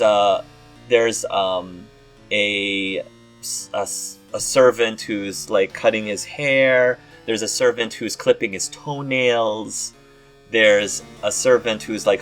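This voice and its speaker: A man's voice: on the low side, a bit bright. A man narrating a tabletop game as game master in a casual, rambling way. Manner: casual, rambling, many fillers.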